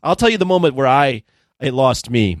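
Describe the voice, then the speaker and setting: Male podcast co-host, mid-pitched, dry close sound, incredulous and animated. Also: fairly quick, dry recording. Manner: animated, incredulous, acts out scenes. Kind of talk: casual movie review chat.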